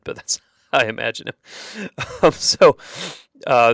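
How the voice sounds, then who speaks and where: A man's voice: mid-range voice, animated, measured pace, a bit bright, clean tone, no echo, studio quality. A man hosting a religious radio show, explaining a moral teaching in a conversational way, with fillers and small laughs and passages read aloud. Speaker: radio host. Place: radio studio.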